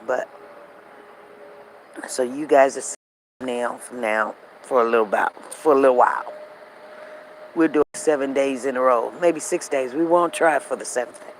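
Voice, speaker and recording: A woman hosting a casual show, telling a family story in a repetitive, animated, conversational way while walking outdoors. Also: very deep voice, moderate pace, long pauses, a little hiss or hum, poor audio. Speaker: show host. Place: walking outdoors near traffic.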